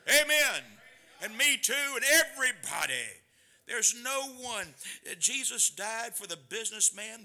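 A middle-aged man preaching a sermon, swinging between loud bursts and quiet asides. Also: high-pitched, vocal fry. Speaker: pastor.

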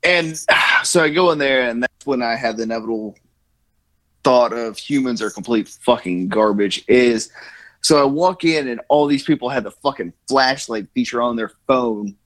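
A man's voice: medium pitch, normal speed, a bit bright, no echo. A man co-hosting a podcast, telling rambling stories in casual chat and swearing a lot. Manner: profane, rambling storyteller. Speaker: podcast co-host.

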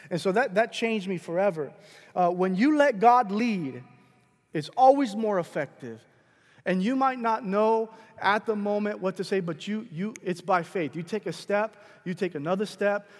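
A man preaching a sermon, telling a personal story in a casual, animated way with many fillers and restarts. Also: high voice. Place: large church hall. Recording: long hall reverb.

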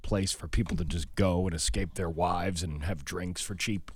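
A man's voice: sits low, steady tone, moderate pace, husky, no echo. A man co-hosting a morning radio show, chatting loosely and laughing easily as he jumps between topics. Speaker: radio co-host. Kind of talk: casual morning radio banter. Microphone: studio microphone.

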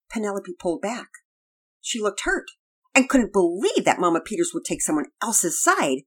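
Husky-voiced woman reading a story. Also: lowish voice, fairly quick, poor audio. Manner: expressive, plain storytelling. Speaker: narrator.

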